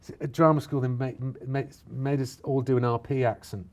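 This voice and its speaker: Brief: Yorkshire man, mellow low-key tone, lively self-mocking chat with lots of restarts. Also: a little fast. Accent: Yorkshire (Bradford). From Bradford, England. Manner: animated, restarts often, self-mocking asides. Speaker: actor, interview guest. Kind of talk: casual interview chat.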